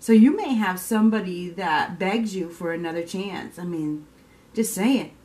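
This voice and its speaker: A woman's voice: fairly low pitch, a little slow, a little mellow. A woman giving a casual tarot reading, chatty and repetitive, sometimes acting out the reactions she describes. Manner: chatty, repeats herself, acts out quoted reactions. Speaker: tarot reader.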